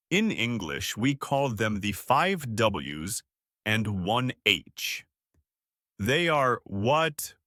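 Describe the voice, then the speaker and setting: A man hosting an English lesson podcast, speaking slowly and clearly in a scripted, encouraging repeat-after-me style. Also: medium pitch, sharp tone, dry recording, studio quality. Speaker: English teacher and podcast host.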